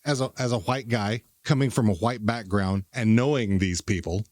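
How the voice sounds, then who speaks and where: A man from Texas with a Southern accent, the podcast's producer, speaking haltingly and softly in casual chat. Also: on the low side, no echo, clean studio sound. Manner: halting, restarts often, soft-spoken.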